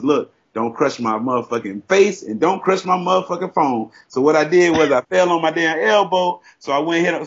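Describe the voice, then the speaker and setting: A man co-hosting a casual podcast, telling stories in a profane, animated way. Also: on the high side, highs cut off. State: sore from a fall. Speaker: podcast co-host. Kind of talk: casual chat.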